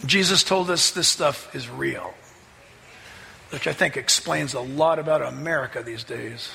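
A man preaching a sermon as pastor, telling a story in an animated, emphatic way. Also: medium pitch, measured pace, creaky, in a large hall.

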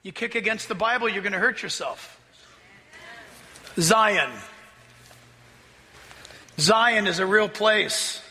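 A man preaching a sermon as a pastor, excitable, often laughing and rising to shouts as he reads scripture. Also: sits high, slow pace, pauses often, big-room sound.

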